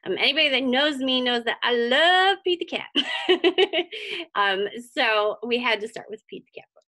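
A woman reading a picture book aloud to children, animated and stopping to ask them questions. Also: sits high, moderate pace. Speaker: children's story reader.

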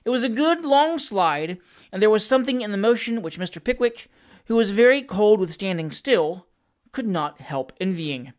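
A narrator reading a classic novel aloud, measured and expressive. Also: medium pitch.

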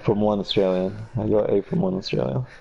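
A man from Canada chatting casually with friends while gaming, excitable and swearing a lot. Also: fairly low pitch, fairly quick, vocal fry, husky, highs cut off. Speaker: gamer.

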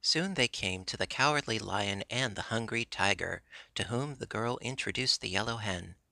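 Man narrating a kids storybook, gravelly low voice, bright tone. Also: normal speed, dry recording. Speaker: audiobook reader. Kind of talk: scripted narration.

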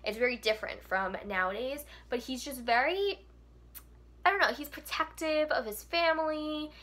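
A woman's voice: high-pitched, normal speed, fairly bright tone. A young woman vlogger chatting casually and gushing about books, with lots of "like" fillers. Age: young adult. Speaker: book vlogger. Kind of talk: casual chat.

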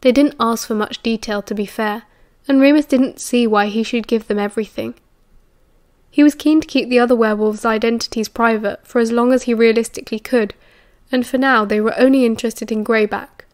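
A woman with a British accent reading an audiobook in an even, measured way. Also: on the high side. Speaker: audiobook reader. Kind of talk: audiobook narration.

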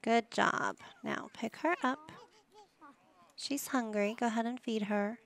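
Slow, gravelly-voiced woman gaming host. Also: a little high. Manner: bossing game characters around like a patient parent. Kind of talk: casual gameplay commentary.

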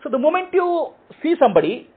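Over a tinny, phone-like recording, a high-voiced man teaches and responds to questions as a spiritual teacher. He talks fast with big swings in pitch, breaking ideas into short repeated phrases and checking in with "okay?".

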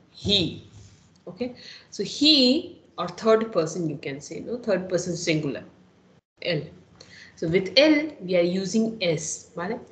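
Woman teaching in an echoey room. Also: on the low side. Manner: explains step by step, often checks with "no?" and "okay?". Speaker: Spanish teacher. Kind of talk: online lecture.

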